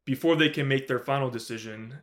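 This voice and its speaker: A man co-hosting a podcast, recapping a horror film in casual, animated talk, swearing often and acting out the characters' lines. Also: medium pitch, brisk. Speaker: podcast co-host. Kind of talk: casual movie review recap.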